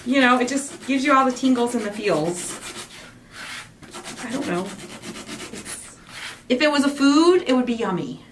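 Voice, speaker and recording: A woman chats casually while crafting, gushing and rambling. Her voice is animated and fairly high. She sits a little away from the mic, with a faint hiss underneath. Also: unhurried, long pauses. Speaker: craft show host. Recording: distant mic with faint noise.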